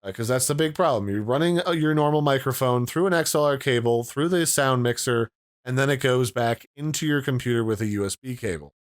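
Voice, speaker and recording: A man's voice: mid-range voice, a little fast, no room sound, studio quality. A man reviewing and unboxing an audio mixer in a casual, explanatory way. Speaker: tech reviewer.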